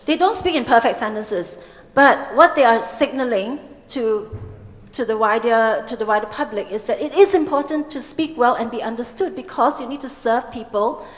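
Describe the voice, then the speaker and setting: A woman's voice: on the high side, moderate pace. Woman lecturing in echoing hall. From Singapore. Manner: lively, expressive, with chatty asides. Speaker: conference speaker. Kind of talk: plenary conference talk. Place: large conference hall. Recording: long hall reverb.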